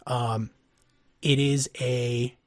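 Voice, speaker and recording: A man co-hosting a podcast, talking casually and haltingly about card game strategy with many pauses. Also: mid-range voice, little pitch movement, dry recording. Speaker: podcast co-host.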